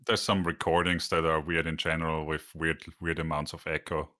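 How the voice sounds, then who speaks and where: A man's voice: extremely low pitch, flat delivery, normal speed, sharp tone, dry recording, clean studio sound. A man chatting casually about video games in a matter-of-fact way.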